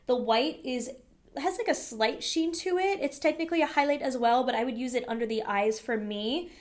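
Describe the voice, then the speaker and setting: A woman talks straight to camera in a relaxed makeup review, her voice sitting a little high. She chats candidly, with plenty of fillers along the way. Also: moderate pace. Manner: chatty, candid, frequent "um" and "like". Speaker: beauty vlogger reviewing makeup. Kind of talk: casual product review to camera.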